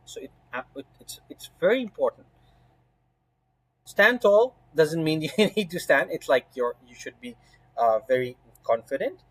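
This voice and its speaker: A man with a slightly higher voice gives a spoken lesson for a medical exam course. His tone is husky and emphatic, and he checks in often with "right?" and "you know". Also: animated, normal speed, a bit bright, low-quality recording.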